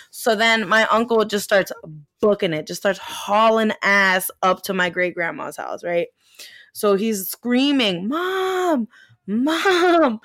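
Young woman on a podcast, chatty and animated, swears a lot, dry close sound. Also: mid-range voice, dry recording. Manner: animated, swears a lot, many fillers, laughs while telling. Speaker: podcast co-host. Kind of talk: casual chat storytelling.

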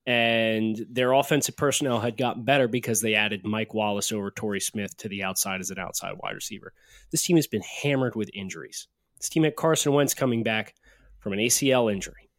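A man's voice: medium pitch, no echo, clean studio sound. A man co-hosting a podcast with casual, opinionated sports talk that builds into rants. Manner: opinionated, ranting. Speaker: podcast co-host.

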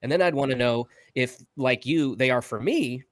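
A man's voice: medium pitch, normal speed, no echo, studio quality. A male podcast co-host chatting casually, venting with wry, laughing complaints. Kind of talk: casual chat.

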